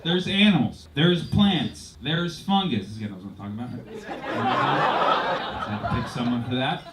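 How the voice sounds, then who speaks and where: Deadpan male stand-up comedian. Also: mid-range voice, a little slow. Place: comedy club stage. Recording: noisy live club recording with crowd laughter.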